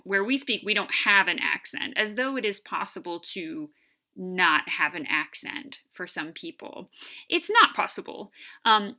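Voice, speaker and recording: A woman giving a recorded college lecture, explaining terms in an unhurried way with frequent ums. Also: medium pitch, pushed and bright.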